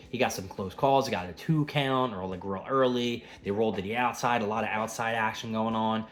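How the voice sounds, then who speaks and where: A man giving a casual, rambling wrestling recap with plenty of swearing. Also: mid-range voice. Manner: rambling, profane, conversational.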